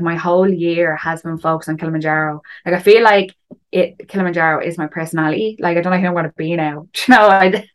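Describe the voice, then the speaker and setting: A woman telling a story in a casual chat, full of fillers and asides. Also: lowish voice. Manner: chatty, frequent fillers and "do you know". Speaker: guest recounting a climb.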